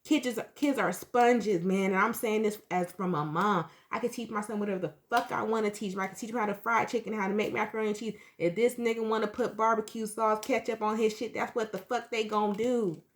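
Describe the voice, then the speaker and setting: A woman's voice: mid-range voice, fairly even intonation, a little fast, hardly any pauses, slight background noise. A woman in her thirties, a tarot reader talking straight to her viewers in a blunt, emphatic, profane way. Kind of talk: candid storytelling to viewers.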